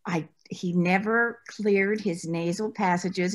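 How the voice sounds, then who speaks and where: A woman's voice: on the low side, measured pace. A woman guest in an interview, chatty and anecdotal, often laughing as she recalls her acting work. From United States. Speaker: interview guest, former actress. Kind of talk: conversational interview.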